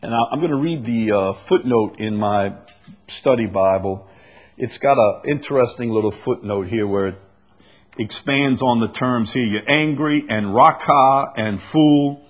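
A man preaching an expository sermon, reading scripture slowly and deliberately, then booming for emphasis and dropping low. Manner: reads verses slowly and deliberately. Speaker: pastor.

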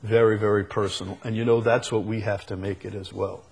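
A man preaching a sermon, slow and emphatic, repeating key phrases for weight. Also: lowish voice, little pitch movement, creaky, darkish tone, slightly rough. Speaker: pastor.

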